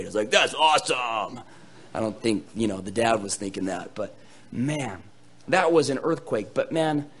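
A man's voice: lowish voice, breathy edge. Impassioned male preacher. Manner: impassioned preaching with sudden loud swings; dramatic scripture reading. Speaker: pastor. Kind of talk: sermon.

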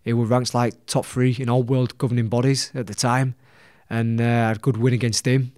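A man's voice: medium pitch, flat delivery, fairly quick, a little mellow, no echo, studio quality. A young man with a Leeds accent, a boxer telling his story as a podcast guest, blunt and swearing constantly. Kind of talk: casual storytelling.

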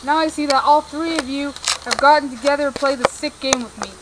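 Woman voicing a wounded young witch, accusing, high voice, hissy home recording. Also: fairly even intonation, brisk, natural voice. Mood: indignant. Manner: accusing, indignant. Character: young witch, hurt and indignant.

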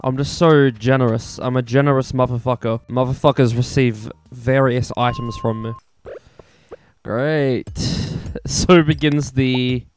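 A man's voice: medium pitch, clear, resonant tone. A young Australian man giving rambling, profane, self-mocking commentary over his own gameplay. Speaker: gaming YouTuber.

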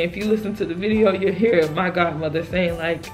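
A woman's voice: on the low side, fairly even intonation, a little fast, few pauses, music in the background. A young woman vlogger telling her own story in a casual, emphatic and exasperated way, often dropping "child" as an aside.

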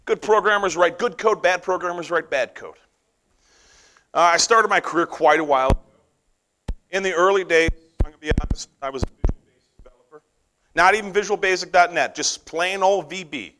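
A middle-aged American man telling a story during a conference talk, acting out the dialogue with lively, animated delivery. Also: high voice, fairly quick, long pauses. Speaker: conference speaker.

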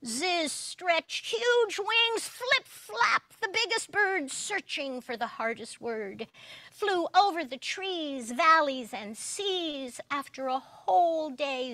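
A woman giving an animated, expressive children's story reading at a worship service. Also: very high-pitched, slow pace, no room sound.

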